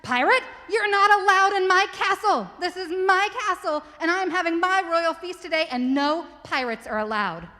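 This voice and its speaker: A woman's voice: very high-pitched, lively intonation, normal speed, few pauses, sharp tone, big-room sound, pitched above the performer's own voice, full character voice. A woman voicing a proud, bossy young prince in a children's story told aloud in church. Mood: indignant. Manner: indignant, bossy. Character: proud young prince guarding his castle feast.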